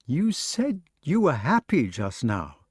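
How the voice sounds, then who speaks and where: A man reading an audiobook, voicing a proud, quick-tempered queen in a raised, scolding voice. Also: on the high side, wildly swooping pitch, husky, no room sound, clean studio sound, voice pushed up, full character voice. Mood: pleading. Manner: sharp, scolding, teasing.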